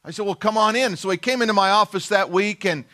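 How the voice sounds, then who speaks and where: A man's voice: high voice, fast, pushed and bright. A middle-aged male pastor telling a personal story in a sermon, folksy and self-deprecating, acting out the people he quotes.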